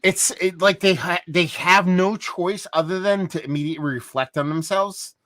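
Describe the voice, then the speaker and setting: A man co-hosting a podcast in casual chat, animated and profane, swinging between loud and soft. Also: sits high, moderate pace, no room sound. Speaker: podcast co-host.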